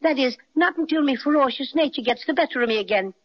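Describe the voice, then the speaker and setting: A woman's voice: sits high, lively intonation, fast. A woman voicing a tiny, playful, mock-ferocious male teddy bear with an Irish accent in a 1930s radio drama, speaking in jaunty rhymes and polite old-fashioned phrases. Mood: cheerful. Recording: dull old radio transcription.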